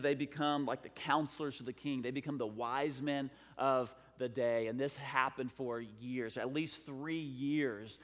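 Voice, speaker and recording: A man's voice: medium pitch, a bit bright. A man preaching a sermon in a conversational, storytelling way. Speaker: pastor. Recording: long hall reverb.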